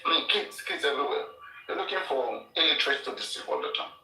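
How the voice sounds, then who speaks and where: A man's voice: a little high, animated, fast, bright, forceful tone, faint music behind. A man, hosting a live online show and prompting his guest with questions. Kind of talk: live stream interview. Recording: echoey room, distant mic.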